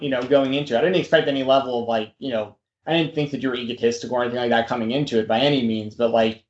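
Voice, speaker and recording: In a relaxed interview chat, a podcast host from the United States talks casually and often calls the guest "dude" and "man." His voice is medium-pitched and darkish, and the recording sounds roomy, dull, and lo-fi.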